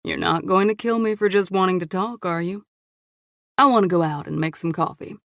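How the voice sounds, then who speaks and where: A woman's voice: fairly low pitch, a little fast, gravelly, fairly bright tone, dry recording, clean studio sound. A woman voicing a menacing, smirking male killer in an audiobook, taunting and cold. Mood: calm.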